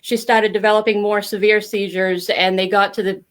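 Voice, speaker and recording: A woman's voice: mid-range voice, little pitch movement, moderate pace. A middle-aged woman telling her family story as a podcast guest, candid and talkative, with many fillers. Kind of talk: casual interview storytelling.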